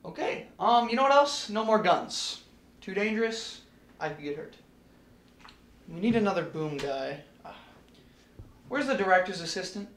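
A young man playing a bossy, exasperated film director who yells orders. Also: sits high, lively intonation, measured pace, long pauses. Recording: echoey room with faint noise.

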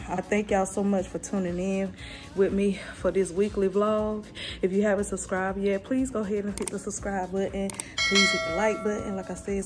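Relaxed, slangy woman vlogger, mid-pitched, chatting to her viewers. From North Carolina, US. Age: adult mother. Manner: laid-back, slangy, talks straight to viewers. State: out of breath and tired. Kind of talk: casual chatty vlog.

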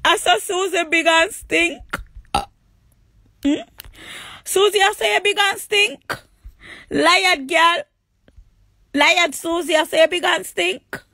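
A woman with a Jamaican accent ranting on a phone livestream, crude and taunting, repeating insults and sometimes shouting. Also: extremely high pitch, slow pace, pauses often. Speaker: livestream host. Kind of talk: angry livestream rant.

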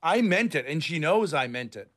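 A man's voice: fairly high pitch, very animated, normal speed, fairly bright tone. A man in his fifties from Rhode Island, ranting angrily and profanely on a voice call. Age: 50s. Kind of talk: heated online group chat.

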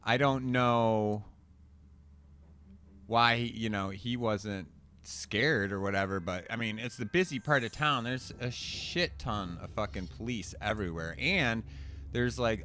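A young man telling a profane story in animated rants while commentating a card game. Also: on the low side, unhurried, a little hiss or hum. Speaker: gameplay commentator. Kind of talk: casual storytelling over gameplay.

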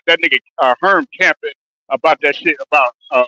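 A man arguing loudly and profanely in a heated sports debate. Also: a little high, lively intonation, fast, no room sound, lo-fi sound. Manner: loud, argumentative, profane. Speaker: podcast co-host.

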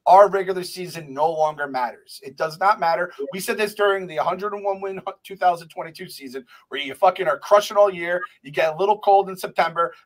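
A high-pitched man races through his words as he hosts a sports podcast. He gets excitable, rambles and swears freely in loose, casual chat. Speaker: podcast host.

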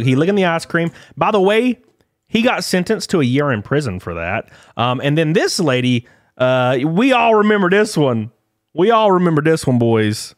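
A man with a high voice that jumps all over the place rants bluntly and with exasperation, reading workplace complaints aloud and swearing casually. He sits right at a close mic with a dry, dead sound. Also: no echo. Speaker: streamer commentator. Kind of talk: reading posts aloud and ranting.

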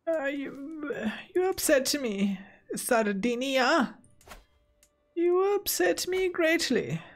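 Brief: a man playing a hammy game ruler taking offence, high, hushed and slow, gravelly edge, music under it. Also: big pitch swings, heavily acted. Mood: mock-offended. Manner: slow, breathy, melodramatic hushed delivery. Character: theatrical, wounded medieval male ruler.

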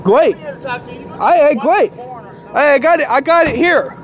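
High-voiced rambling man outdoors. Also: expressive, takes it slowly, long pauses, dull audio. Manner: rambling, repetitive, agitated. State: sleepy. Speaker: vlogger. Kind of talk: rambling monologue to camera. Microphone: handheld camera.

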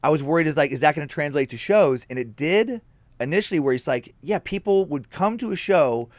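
A man, a guest comedian, in casual podcast chat, animated and swearing freely as he acts out angry outbursts. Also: on the high side, fairly quick, dry recording.

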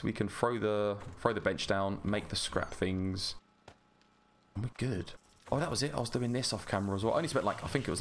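A man's voice: on the low side, slight background noise. A man with a London accent chatting casually on a live stream while playing a game, greeting viewers by name. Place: home gaming room.

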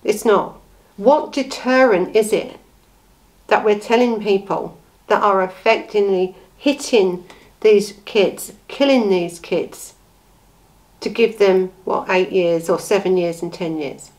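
A woman's voice: mid-range voice, takes it slowly, darkish tone, rough recording. Woman, indignant, blunt, rhetorical questions, true crime commentary. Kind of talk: impassioned commentary on a case.

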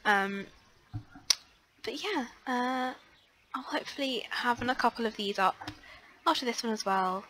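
A young woman chatting casually through a life-sim let's play, excitable, gasping and filling pauses with ums. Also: a little high, a little hiss or hum, low-quality recording. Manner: chatty and excitable, frequent gasps and fillers. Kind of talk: casual gameplay commentary.

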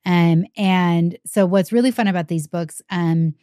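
Woman podcast co-host, relaxed chatty delivery, warm low brightness, dry mic. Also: unhurried, no echo. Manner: chatty, lots of fillers and quoted asides. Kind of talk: casual chat.

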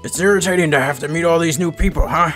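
A man voicing a grumpy, rude old man villager in a video game, gruff and dismissive. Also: a little high, fast talker, a bit bright, soft background music, lightly acted.

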